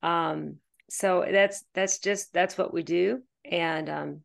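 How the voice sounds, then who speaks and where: A middle-aged woman from Pennsylvania hosts a relaxed faith-based chat. She talks in an energetic, chatty way with a slightly low pitch and laughs easily. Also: takes it slowly, creaky. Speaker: podcast host.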